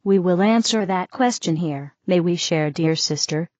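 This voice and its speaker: A woman's voice: on the low side, normal speed, a little mellow, dry recording, close to an everyday voice. A woman voicing a serene, reassuring female spirit teacher who keeps saying "you see", in a dull, dry recording. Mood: soothing.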